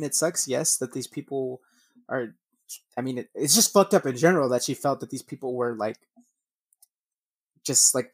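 A man's voice: medium pitch, dry recording. Casual rambling man reading true crime. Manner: reads news text then rants with swearing; stumbles and restarts over names.

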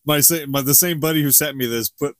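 A man's voice: fairly high pitch, fast, no echo, studio quality. A middle-aged man co-hosting a podcast, chatting casually and rambling with chuckles. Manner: rambling, chuckling, animated impressions. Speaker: podcast co-host. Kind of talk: casual unscripted chat.

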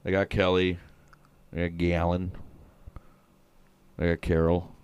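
A man's voice: low voice, completely flat delivery, slow pace, clean tone, dry recording. A man co-hosting a casual sports chat with friends, laid-back and swearing freely. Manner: laid-back, swears, breaks into loud mock accents. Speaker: podcast co-host.

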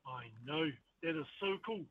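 A male caller with a New Zealand accent, chatting in a relaxed, slangy way over the phone. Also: a little high, normal speed. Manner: laid-back, slangy. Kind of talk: casual phone chat. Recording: muffled phone line.

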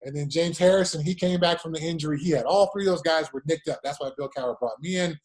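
Here a former football player, now in his forties, talks quickly in a slightly high voice. He's being interviewed and spins lively stories, acting out the lines people said.

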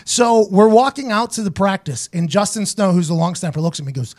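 A former punter now hosting a casual podcast speaks in a high male voice, fast and with few pauses. He tells stories full of swearing, animatedly acting out the voices of the people he quotes.

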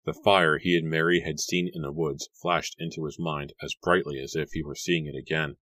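A man narrating a horror audiobook in a measured, even reading. His voice is exceptionally deep, and the recording is dry and close with no room sound. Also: no room sound.

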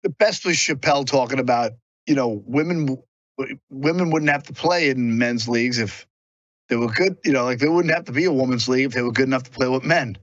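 A man's voice: mid-range voice, fairly quick, a bit bright, dry recording, dull audio. A man chatting casually as a co-host, rambling with plenty of fillers. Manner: loose, rambling, many fillers. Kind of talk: casual studio banter.

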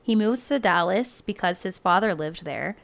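A woman talks into a home laptop mic as she hosts a true-crime podcast. Her delivery is loose and chatty, full of filler words and quick asides. She also reads out case details in the same relaxed way. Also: lowish voice, creaky. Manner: chatty and loose, heavy use of "like", laughs often. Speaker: podcast host. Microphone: home laptop microphone.

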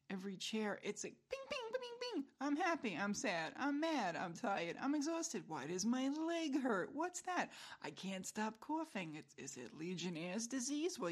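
A middle-aged woman hosting a solo podcast, rambling through a casual monologue with self-mocking humor and frequent chuckles. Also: on the high side. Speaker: podcast host.

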